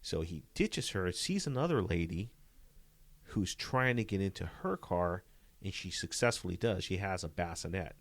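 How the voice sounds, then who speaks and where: Deep male voice, police detective guest, casual storytelling, lots of "you know", dry close sound. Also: moderate pace, no echo. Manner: animated, full of "you know" fillers.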